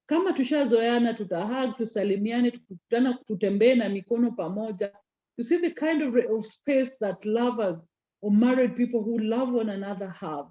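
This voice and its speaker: A woman teaches a communication class over a video call, drawing out important terms and calling on students playfully. Her voice sits fairly high and sounds warm and mellow. The call audio is dull and lo-fi. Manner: code-switches into Swahili, teasing students by name; slows down and stresses key terms. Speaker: communication skills lecturer. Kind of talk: online class lecture.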